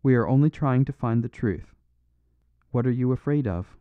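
A man voicing a priest and amateur detective who speaks gently and quietly. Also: medium pitch, normal speed, clean tone, no echo, close to an everyday voice. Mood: gentle. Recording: dull dry recording.

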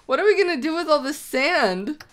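A woman chatting casually while playing a video game with a friend, animated and prone to shrieks when startled. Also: high-pitched, normal speed, a crowd in the background. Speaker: co-host of a gaming let's play. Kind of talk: casual gameplay chat.

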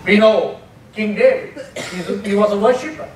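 A man's voice: sits high, moderate pace. A man preaching a sermon as pastor, emphatic, repeating key phrases and lifting his voice on quoted prayers. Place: church sanctuary. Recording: echoey church hall from far off, some noise.

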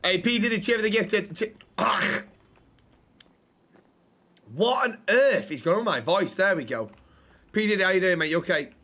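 A man's voice: high voice, expressive, fast, sharp tone. Joking, sweary man streaming. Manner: joking, sweary, chats to viewers. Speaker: streamer playing a roleplay character. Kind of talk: casual gaming banter.

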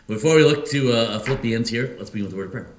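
A Midwestern American man preaching a sermon as pastor, halting often with fillers and restarts. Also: mid-range voice, a little hiss or hum. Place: church sanctuary. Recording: echoey church room.

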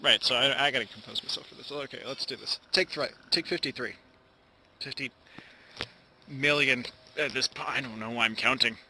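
A man's voice: medium pitch, normal speed, bright, forceful tone, a little hiss or hum. A young man, a YouTube channel host, talking casually to camera in a home recording, rambling and mumbling at times, with many false starts and retakes. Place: indoors at home, in front of a camera.

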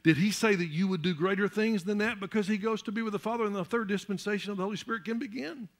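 A man preaching a church sermon, building up to loud, emphatic peaks and repeating words as he searches for the next one. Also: high voice, fast talker. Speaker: pastor.

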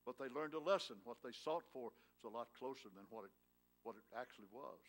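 Man preaching a sermon, loud then hushed. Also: mid-range voice, quick pace. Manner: swings between loud emphatic lines and hushed tender ones; prods the congregation with questions. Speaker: pastor. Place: church sanctuary.

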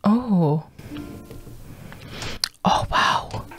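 A Scottish woman giving casual reaction commentary as a streamer, rambling and sweary, breaking into excited squeals and laughter. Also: medium pitch, very slow, husky, dry recording, clean studio sound, faint music behind. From Scotland.

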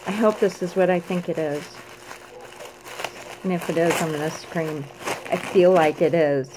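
A woman opening a gift box in a casual unboxing vlog, gushing and excitable, squealing and screaming with delight between quieter asides. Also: lowish voice, moderate pace, noisy background. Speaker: craft vlogger.

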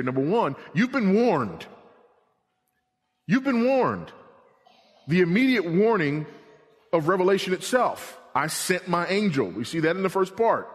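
A middle-aged male pastor preaching a sermon, swinging between emphatic repeated warnings and hushed, low passages. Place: church sanctuary. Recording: long reverb of a church hall.

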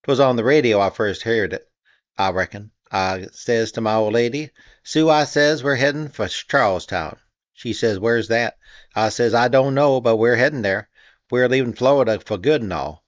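A scrawny, cheerful little man, put on by a male reader, talking fast and folksy. He sits a touch higher and louder than the narration. The sound is dry and a little muffled. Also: no room sound, lightly acted.

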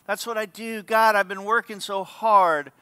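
A man's voice: high voice, fairly even intonation, a little slow, pushed and bright, clear, resonant tone, dry recording. A man putting on a whiny self-pitying prophet. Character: whiny complaining male prophet.

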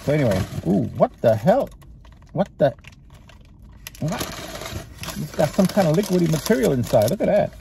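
A food vlogger with a Texas-sounding drawl eats in his parked car with the engine running, rambling and chatting between bites and talking while chewing. His fairly high, sing-song voice has vocal fry, comes at normal speed with long pauses, and sits over a noisy background.

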